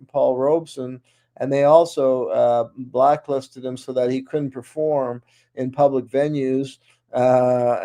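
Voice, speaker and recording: A man's voice: medium pitch, dark tone. A man speaking as a guest on a radio interview show, talking in long runs with many restarts and fillers. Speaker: guest author.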